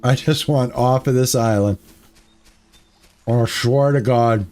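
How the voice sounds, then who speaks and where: A man's voice: medium pitch, slow pace, a little mellow, faint music behind. A man streaming a game, chatting with his viewers and easily exasperated as he plays. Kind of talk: casual gameplay commentary.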